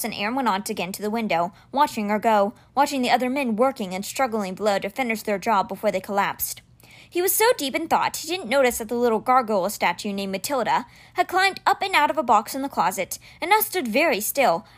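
A woman reading a novel aloud chapter by chapter, with expressive storybook narration. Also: fairly high pitch, quick pace. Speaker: audiobook reader.

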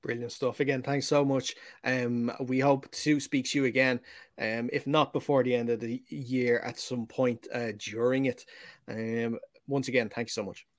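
A man's voice: medium pitch, flat delivery, moderate pace. An Irish man hosting a sports podcast, friendly, with frequent ums and uhs. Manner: friendly, hesitant, lots of fillers. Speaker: podcast host. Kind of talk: casual podcast interview.

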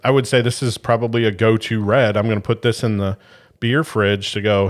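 A man's voice: fairly low pitch, steady tone, a little fast. A man co-hosting a podcast, chatting casually, joking and laughing easily. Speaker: podcast co-host. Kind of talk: casual chat.

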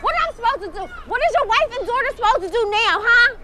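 An actress playing a furious wife who yells and curses at her jailed husband over a collect call, heard as a film clip. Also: extremely high pitch, lively intonation, quick pace, exaggerated voice. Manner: yelling, cursing, cutting her husband down. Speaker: film character. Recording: film clip with loud street noise.

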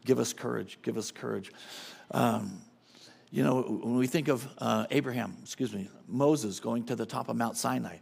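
A man's voice: mid-range voice, normal speed, creaky, darkish tone, breathy edge. A middle-aged man preaching a sermon as a guest speaker, emphatic and casual, often repeating his phrases.

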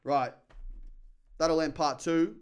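A man's voice: fairly high pitch, fairly even intonation, slow, clear, resonant tone. Joking podcast host, a man. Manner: joking, banter-filled. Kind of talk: casual chat.

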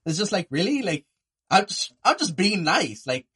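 A man telling stories in a casual chat, animated and swearing freely. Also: high-pitched, moderate pace, breathy edge, dry recording, clean studio sound.

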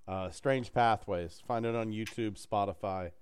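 A man's voice: lowish voice, a little slow, a little mellow, smooth, no echo. A man hosting a casual podcast chat, telling crude stories with jokes. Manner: crude, joking storyteller. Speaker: podcast host.

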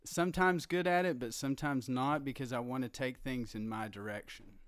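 A man's voice: medium pitch, moderate pace, no room sound. A man with an Appalachian accent, a comedian guest chatting in a friendly, easygoing way and laughing easily. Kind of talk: casual chat. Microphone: studio microphone with headphones.

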